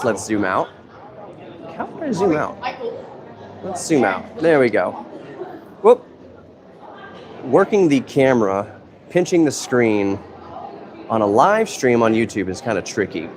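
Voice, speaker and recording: An easygoing man chats on a live stream from a museum hall, speaking into his phone camera. His pitch sits in the ordinary middle for a man. He rambles, thinking aloud as he goes. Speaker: museum content creator and live stream host. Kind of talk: casual live-stream chat. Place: indoor museum hall with public nearby.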